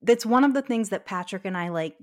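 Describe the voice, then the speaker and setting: A woman's voice: mid-range voice, animated, fairly quick, a little mellow. A woman who is a guest on a podcast, talking in a candid, rambling way with many restarts. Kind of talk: casual chat.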